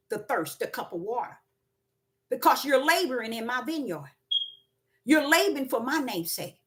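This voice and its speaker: A woman preaching a spontaneous sermon, repeating words for emphasis and swinging between loud and soft. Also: sits high. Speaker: self-styled prophet and preacher.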